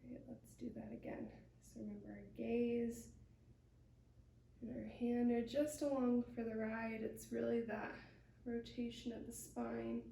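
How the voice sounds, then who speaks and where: A young woman leading a pilates workout, giving calm, encouraging step-by-step cues. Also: fairly high pitch, a little slow, gravelly, slight background noise. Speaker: pilates instructor. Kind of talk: guided workout instruction. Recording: echoey room, mic at a distance.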